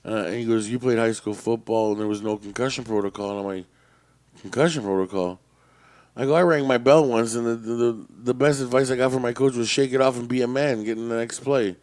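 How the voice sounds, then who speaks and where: A man's voice: mid-range voice, fairly even intonation, fast, hardly any pauses, a little mellow. A man co-hosting a podcast in casual chat, telling stories with plenty of swearing and acting out both sides of a conversation. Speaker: podcast co-host.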